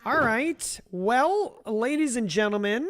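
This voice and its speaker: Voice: medium pitch, animated, slow, fairly bright tone, no room sound. Chatty livestreamer talking to chat. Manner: chatty, talks to chat viewers by name; rambling with frequent restarts and self-amused laughs. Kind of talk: casual live gameplay commentary.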